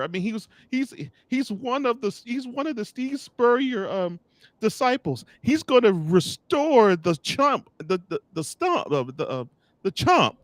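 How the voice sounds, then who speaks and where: Animated man ranting about college football. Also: very high-pitched, measured pace, dry recording. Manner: animated, mocking rants addressed to coaches. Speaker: podcast co-host. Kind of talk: casual sports talk.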